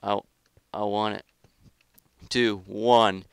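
A man giving live gameplay commentary as a gaming YouTuber, excitable, trash-talking opponents and grumbling about lag. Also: fairly low pitch, drawn-out words, smooth, no echo, clean studio sound.

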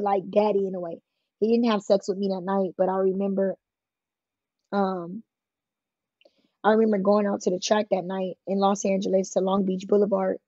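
A woman's voice: medium pitch, dark tone, husky, no echo, highs cut off. A woman from California, a guest telling her life story in an interview, speaking frankly and plainly with many fillers. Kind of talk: emotional personal storytelling in an interview.

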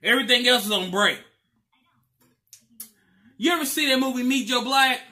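A man's voice: very high-pitched, moderate pace. A man vlogging while eating, chatting casually and telling stories with a lot of emotion. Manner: emotional, animated storytelling. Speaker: mukbang vlogger. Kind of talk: casual chat over a meal.

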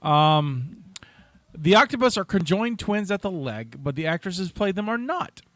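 A man's voice: high voice, lively intonation, unhurried, a bit bright, no room sound. Chatty man reading out movie trivia. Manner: chatty, restarts sentences, laughs at his own asides. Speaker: podcast co-host sharing movie trivia. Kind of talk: casual podcast chat.

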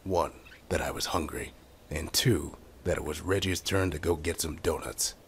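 An actor playing a hard-boiled male police detective, narrating in a gruff, dry noir style for a game. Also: rumbling low, normal speed, a little hiss or hum. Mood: brooding. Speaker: game character.

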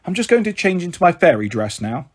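Earnest young girl, pleading and caring, slightly husky , read by a man. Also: high-pitched, big pitch swings, fast talker, heavily acted.

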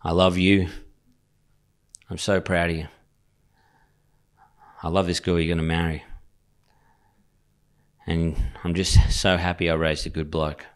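A man doing a gruff country Aussie dad. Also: low-pitched, level tone, a little slow, pauses often, pitched below the performer's own voice. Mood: earnest. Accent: Australian. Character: older country dad giving fatherly advice. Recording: live club recording, noisy.

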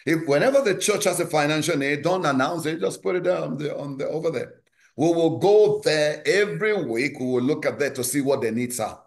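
A male pastor with a Nigerian accent preaches with emphasis. His voice sits a little high for a man. He drops into low asides and rises to loud, high exclamations. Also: fairly quick. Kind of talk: sermon at an online Bible study.

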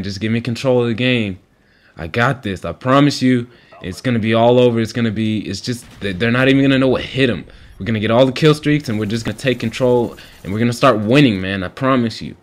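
A man voicing his own cocky, bullying alter ego, taunting in a low growl over gameplay. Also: natural voice. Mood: coaxing. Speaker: video game commentator.

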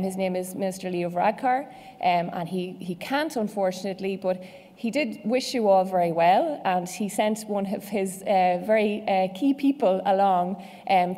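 A woman's voice: mid-range voice, mellow. Irish woman opening a conference. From Ireland. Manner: chatty, with many fillers and restarts. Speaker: conference host. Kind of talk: welcome speech. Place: conference hall. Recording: long hall reverb.

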